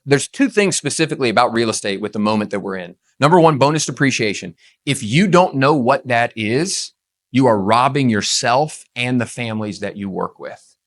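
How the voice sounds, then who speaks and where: A man's voice: medium pitch, expressive, moderate pace. A man with a mid-range voice delivers a motivational talk, firing off points at speed. He hits key words hard and keeps the tone punchy and emphatic throughout. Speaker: speaker on real estate tax strategy. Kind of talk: motivational presentation.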